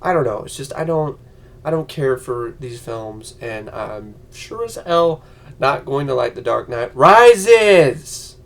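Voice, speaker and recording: A man vlogging an angry, profane movie rant, yelling and mocking other people's voices. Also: mid-range voice, animated, slow pace, vocal fry.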